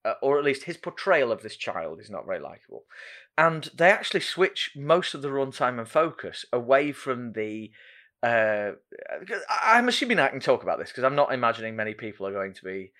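A man's voice: mid-range voice, very animated, a little fast, bright, forceful tone. A man hosting a podcast, chatting casually with self-deprecating asides and plenty of ums. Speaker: podcast host. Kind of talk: casual chat.

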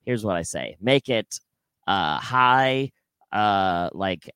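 A man's voice: lowish voice, expressive, slow, a bit bright, smooth, dry recording, clean studio sound. A man co-hosting a comedic podcast, joking around in a loose, casual way. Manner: jokey, swings into silly bits. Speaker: podcast co-host.

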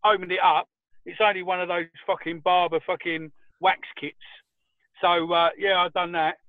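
Sweary high-voiced man on a call. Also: moderate pace, dry recording. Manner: swears freely, animated anecdotes. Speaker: podcast co-host. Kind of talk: casual chat. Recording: tinny phone line.

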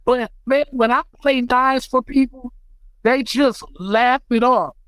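An American man, a beatmaker guest on a podcast, telling stories in an animated, emphatic way. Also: extremely high pitch, slow, smooth, dry recording, poor audio. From United States. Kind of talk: casual podcast chat.

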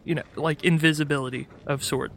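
A man as a player in a tabletop game, speaking haltingly. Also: on the high side, fairly even intonation, a bit bright. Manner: hesitant, halting. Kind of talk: tabletop role-play.

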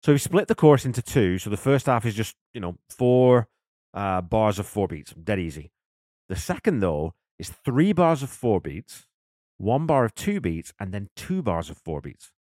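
A man's voice: lowish voice, big pitch swings, moderate pace, dark tone, dry recording, clean studio sound. A man, a drummer, casually and enthusiastically breaking down a song's rhythms, counting beats aloud. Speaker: drummer and host. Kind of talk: casual music breakdown commentary.

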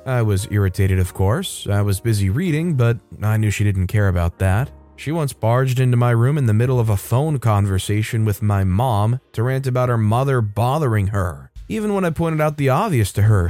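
A man's voice: medium pitch, lively intonation, moderate pace, few pauses, a little mellow, soft background music. Man narrating a reddit story.

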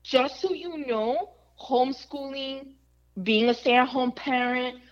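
A woman chatting casually on a podcast, telling lively family stories and slipping in Spanish phrases. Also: high-pitched, slow pace. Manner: animated storyteller, mixes Spanish phrases. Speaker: radio host guest. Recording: dull lo-fi audio.

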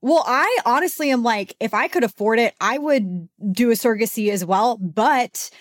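A woman's voice: a little high, expressive, moderate pace, no room sound, clean studio sound. A woman co-hosting a podcast in a frank, joking casual chat. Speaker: podcast co-host.

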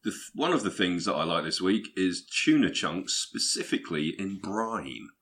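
A man's voice: sits low, very animated, moderate pace, a bit bright. A man co-hosting a podcast, chatting casually in a dry, matter-of-fact way. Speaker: podcast co-host. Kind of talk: casual comedic chat.

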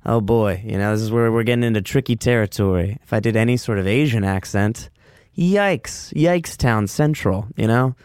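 A man talks through a loose solo podcast, wandering between thoughts with frequent swearing and self-mocking asides. His voice sits fairly low and comes across smooth and resonant. The sound is dry and close, with no room around it. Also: moderate pace, no echo. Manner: rambling, frequent profanity and filler words; loose, self-mocking, lively swings in pitch. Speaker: podcast host. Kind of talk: casual solo podcast monologue.

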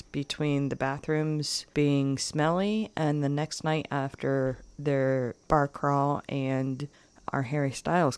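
A woman co-hosting a podcast, telling trip stories in an animated way and laughing often. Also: low-pitched, smooth, no echo. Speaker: podcast co-host. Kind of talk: casual chat.

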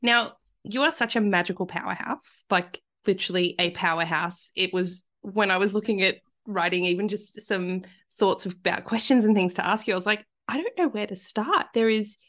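A woman's voice: medium pitch, steady tone, normal speed, few pauses, fairly bright tone. Enthusiastic Australian woman hosting a podcast. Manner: enthusiastic, encouraging questioner. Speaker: podcast host. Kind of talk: casual podcast interview.

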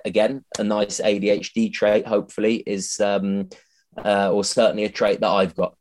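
A man's voice: lowish voice, level tone, normal speed, darkish tone. A man, a comedian being interviewed on a podcast, chatty and self-mocking, swearing freely and often restarting his sentences. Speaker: comedian guest.

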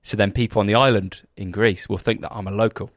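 A man's voice: lowish voice, fairly even intonation, fast, dry recording, studio quality. A man chatting casually as a podcast co-host, telling jokey stories with lots of filler words. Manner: laid-back, jokey storytelling with lots of "like" and "mate". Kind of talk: casual chat.

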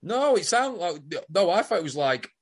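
A man's voice: high-pitched, sing-song, moderate pace. A man co-hosting a podcast, firing incredulous, sweary questions in casual chat. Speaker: podcast co-host.

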